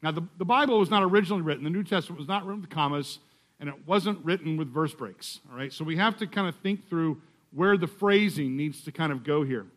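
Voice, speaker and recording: A man with a high voice preaches a sermon in a church. He speaks conversationally, mixing scripture reading with joking asides. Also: fast. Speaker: guest preacher.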